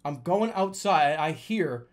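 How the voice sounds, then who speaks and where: A young man casually telling a story, swearing freely and loudly acting out the lines he quotes. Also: a little high, animated, takes it slowly. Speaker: storyteller recounting a dream.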